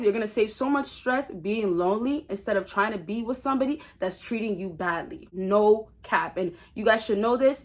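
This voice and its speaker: A young woman with a fairly high voice talks straight to her viewers in a casual advice vlog. She is blunt and emphatic, and she hammers her points home by repeating key phrases. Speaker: dating advice vlogger. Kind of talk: casual advice monologue to camera.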